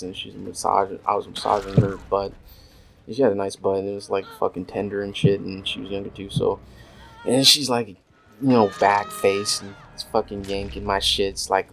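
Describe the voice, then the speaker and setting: In a deep, creaky voice, a man casually rambles through a crude, swear-filled story with plenty of filler words while gaming at home. The audio is poor, recorded on a desk USB microphone, and faint noise and mouse clicks can be heard.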